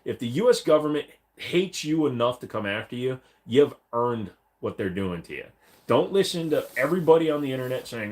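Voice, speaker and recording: A man hosts a casual livestream, reading viewer comments aloud and putting on mock voices for the chat messages. His medium-pitched voice is sing-song and creaky, moving at a moderate pace. He's blunt, profane and rambling throughout.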